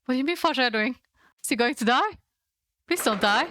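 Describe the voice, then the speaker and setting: A woman streaming a video game, giving quick, pleading casual reactions to the story. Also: sits high, lively intonation, background noise. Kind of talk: casual let's-play commentary.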